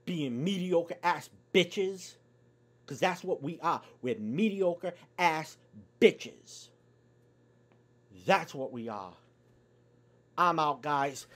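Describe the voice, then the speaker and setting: A man's voice: a little high, lively intonation, drawn-out words, long pauses, fairly bright tone. A man delivering a profane, angry sports fan rant on his YouTube channel, swearing in nearly every sentence.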